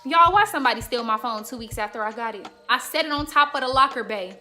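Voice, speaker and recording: Young woman, twenties, bright higher voice, slangy and frank, casual storytime vlog, soft music behind. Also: animated, fast. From Chicago suburbs. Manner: frank, slangy, talks straight to viewers. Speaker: YouTuber.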